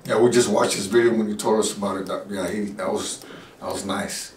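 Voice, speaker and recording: A man's voice: fairly low pitch, steady tone, fairly quick, echoey room, recorded from a distance, a little hiss or hum. A man, the patient's father, making brief casual remarks during the exam.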